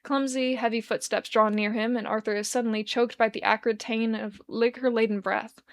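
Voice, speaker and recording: A woman giving an expressive, measured reading of a fan-written story. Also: fairly high pitch. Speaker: fanfic reader.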